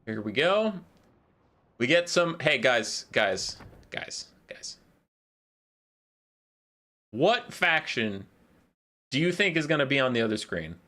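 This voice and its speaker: A man casting a live strategy game match, calling the action in quick play-by-play and joking with his chat. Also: mid-range voice, sing-song, bright, forceful tone. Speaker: esports caster.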